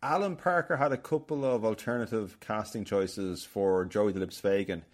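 An Irish man hosts a casual film podcast, chatting and rambling through stories with many restarts. His voice is fairly low-pitched and he talks at normal speed.

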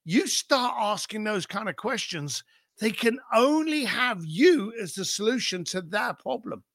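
A middle-aged man with a high, bright, sharp voice tells business stories in an emphatic, animated way. He strings rhetorical questions together and swears casually. The recording is close and dry. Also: unhurried, no room sound. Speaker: podcast guest.

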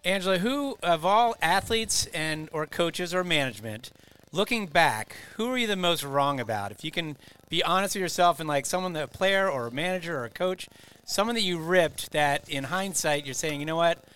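A man with a slightly high, bright voice co-hosts a casual chat. He asks long, probing questions in an easy, conversational way. His voice comes across smooth and clear. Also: lively intonation, moderate pace.

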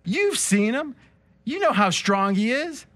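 A man voicing a soft-spoken, whispery wife who pleads with her husband, in a comic podcast reading. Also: very high-pitched, very animated, a little slow, pitched above the performer's own voice, exaggerated voice. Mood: urgent.

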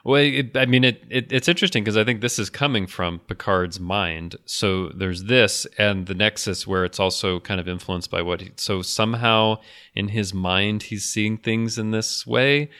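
A man with a very low, smooth and clear voice, chatting on a podcast. He thinks aloud, restarts his sentences often and laughs lightly between points. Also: fairly even intonation, normal speed, sharp tone. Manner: thoughtful, hesitant with many restarts and laughs. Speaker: podcast co-host. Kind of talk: casual discussion.

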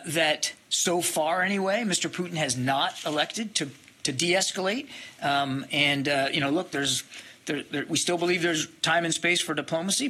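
Spokesman guy at a briefing, slightly high bright voice, lots of ums. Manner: measured, halting, with fillers. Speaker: government spokesman. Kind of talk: press briefing.

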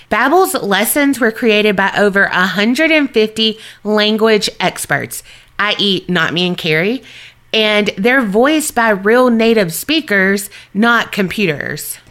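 A woman's voice: mid-range voice, expressive, measured pace, fairly bright tone. A woman co-hosting a podcast, chatting and telling a story, laughing easily. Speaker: podcast co-host. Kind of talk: casual chat and storytelling.

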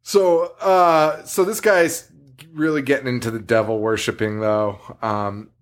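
A podcast co-host with a medium-pitched, steady voice speaks at a measured pace in a casual movie-review chat. He laughs and swears freely while retelling scenes as stories.

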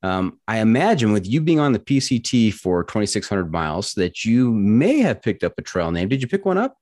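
A man's voice: lowish voice, sing-song, a little fast, a little mellow. A man hosting a casual podcast interview, easygoing and joking dryly with his guest. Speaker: podcast host.

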